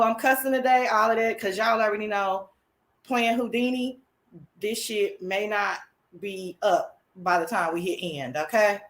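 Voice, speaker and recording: A woman hosts her own live chat show, talking casually in a sassy, slangy and excitable way, with bursts of shrieking laughter. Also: medium pitch, moderate pace.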